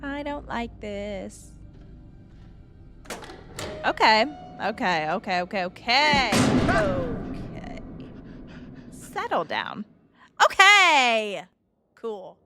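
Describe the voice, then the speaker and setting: Slow, lively-voiced woman streamer. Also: on the high side, faint music behind. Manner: blunt, profane, joking asides. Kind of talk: casual gameplay commentary.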